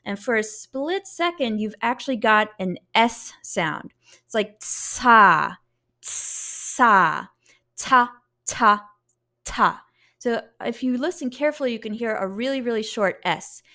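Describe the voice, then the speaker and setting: A woman's voice: a little high, expressive, moderate pace, fairly bright tone. A woman teaching a beginner saxophone lesson, explaining patiently step by step and sounding out syllables to demonstrate.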